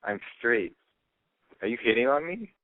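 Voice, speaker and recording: A man's voice: medium pitch, sing-song, a little slow, no room sound. A man calling in to a radio show, answering with dry, sarcastic comebacks. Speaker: caller. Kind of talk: call-in phone talk. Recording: dry tinny phone line.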